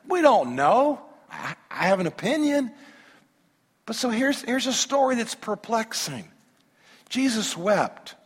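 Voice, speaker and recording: A man preaching a sermon, reading scripture aloud and breaking in with animated rhetorical questions and humorous asides to the congregation. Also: extremely high pitch, slow, slightly rough. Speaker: pastor. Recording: long reverb of a large hall.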